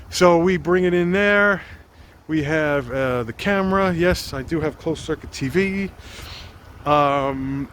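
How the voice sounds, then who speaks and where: A man's voice: on the high side, a bit bright. A man hosting a casual home vlog outdoors, joking around as he walks and talks like a mock game show host. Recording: faint outdoor traffic noise.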